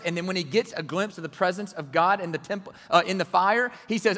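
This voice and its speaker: Guy preaching, fairly high voice, gets loud then drops to a whisper, big hall echo. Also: expressive, fairly quick, hardly any pauses. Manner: dramatic, swings from loud exclamations to hushed near-whispers. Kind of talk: sermon.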